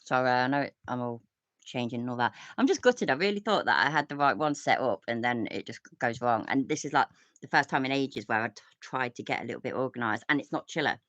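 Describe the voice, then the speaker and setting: A woman's voice: very deep voice, fast, a bit bright, no room sound. An English woman hosting a casual reaction show, rambling, swearing often and laughing a lot. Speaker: host.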